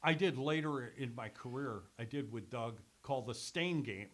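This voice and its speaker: An older man, a former radio sales executive and sports announcer, telling stories in casual conversation as a lively storyteller who swears casually. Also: medium pitch, normal speed. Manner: animated storyteller, swears casually, laughs through anecdotes. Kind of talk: casual reminiscing chat.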